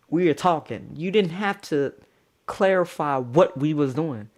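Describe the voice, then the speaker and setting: Animated young man telling a story. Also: unhurried. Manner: animated, profane, jumps to squeaky high outbursts. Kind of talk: casual storytelling.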